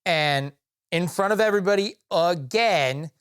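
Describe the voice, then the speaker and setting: A man's voice: sits high, a little slow, fairly bright tone, smooth. A young man co-hosting a podcast, telling a work story in a rambling way with many fillers and restarts. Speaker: podcast co-host. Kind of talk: casual storytelling chat.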